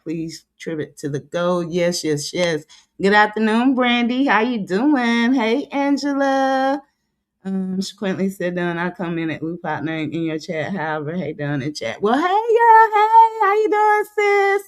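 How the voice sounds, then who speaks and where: Chatty woman greeting her livestream viewers. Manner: chatty, drawn-out greetings, drops low when reading comments aloud. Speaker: livestream host.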